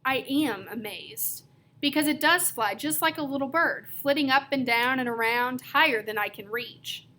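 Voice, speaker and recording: A woman reading a novel aloud, telling the story with lively, varied emphasis. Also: sits high, normal speed, slight background noise. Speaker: reader.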